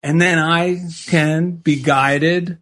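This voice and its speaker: A man's voice: fairly high pitch, fairly even intonation, drawn-out words, fairly bright tone. A man co-hosting a spiritual talk show, speaking earnestly and reflecting on faith. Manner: earnest, reflective, reads affirmations aloud. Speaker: co-host.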